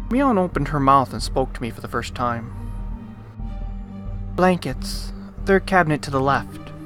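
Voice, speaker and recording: A man hosting a let's play, reading a visual novel's narration aloud and breaking off into animated, joking rants. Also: medium pitch. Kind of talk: reading game text aloud with commentary.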